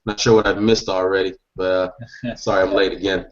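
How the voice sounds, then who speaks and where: A man's voice: low voice, flat delivery, fairly quick, muffled recording. A man speaking as a guest in an online hangout, enthusiastic and rambling, interrupting himself. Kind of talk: motivational online hangout talk.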